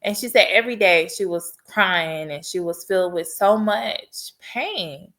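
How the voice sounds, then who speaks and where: A woman's voice: fairly low pitch, lively intonation, a little slow, fairly bright tone. Earnest woman sharing a heartfelt testimony. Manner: earnest, heartfelt storytelling with faith encouragement. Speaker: podcast host. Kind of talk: personal testimony monologue.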